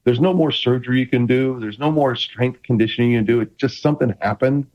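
A middle-aged former quarterback appears as a guest in a casual interview, playful and full of restarts. His mid-range voice moves at a quick pace, and the highs are cut off in the audio.

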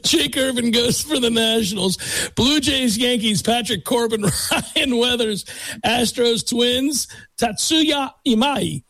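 High-voiced man reading a sports lineup. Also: a little slow, bright, forceful tone, no echo. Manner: rattles off lists with playful emphasis. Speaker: podcast co-host. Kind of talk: casual sports chat.

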